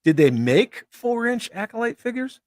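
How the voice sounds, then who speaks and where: A man's voice: very high voice, very animated, moderate pace, no echo, studio quality. A man co-hosting a casual livestream, chatting loosely with a lot of swearing and reading out chat comments. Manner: laid-back, profane, riffing.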